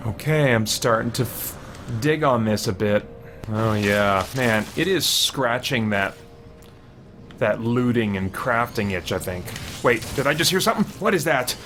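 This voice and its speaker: A man's voice: mid-range voice, unhurried, soft background music. A man commentating on his own gameplay, talking to himself, easily startled and often exclaiming. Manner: jumpy, excitable, easily startled. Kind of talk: let's play commentary.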